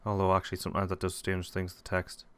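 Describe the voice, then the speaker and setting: A man hosting a casual software tutorial, rambling and correcting himself as he thinks aloud. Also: deep voice, monotone, quick pace, clear, resonant tone. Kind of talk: casual screen-recorded tutorial.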